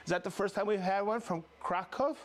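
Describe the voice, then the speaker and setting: A man hosting a live stream, joking and reading out viewers' names with excited whoops. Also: high voice, brisk, crowd noise. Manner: upbeat, jokey, reads viewer names with whoops. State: recovering from a cold. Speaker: livestream host.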